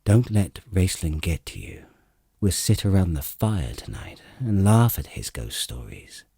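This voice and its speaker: A man reading as a steady half-elf leader. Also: low voice, measured pace, slightly rough, dry recording, studio quality, heavily acted. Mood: reassuring.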